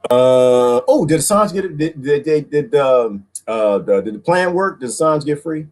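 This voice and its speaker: A man hosting a casual livestream chat, animated, often jumping into high-pitched bits and laughing as he talks to viewers. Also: normal speed. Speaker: livestream host.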